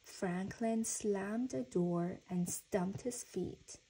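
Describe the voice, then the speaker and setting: Slow, husky woman reading a storybook. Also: mid-range voice, poor audio. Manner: gentle, even storytelling. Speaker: reader.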